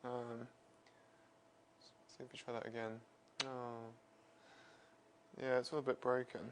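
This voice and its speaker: There's slight background noise as a physicist presents his science livestream through a wireless mic. He speaks at medium pitch with a flat, unhurried delivery, chatting loosely, joking about himself and laughing frequently.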